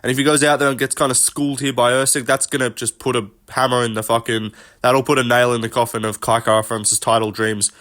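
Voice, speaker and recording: A man's voice: mid-range voice, level tone, fast, hardly any pauses, fairly bright tone. A man giving casual solo commentary on fights, blunt and profane in his banter. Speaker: MMA commentator.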